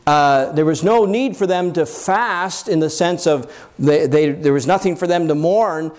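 A man preaching a sermon in an earnest teaching tone, with fillers and restarts, lifting his voice when he quotes scripture. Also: darkish tone. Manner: rises in pitch when quoting scripture. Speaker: pastor.

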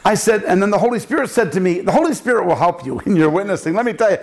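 Older man, pastor, sermon storytelling, animated, acts out quotes, higher-pitched voice. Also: racing. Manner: animated preaching, acting out quotes with big pitch jumps.

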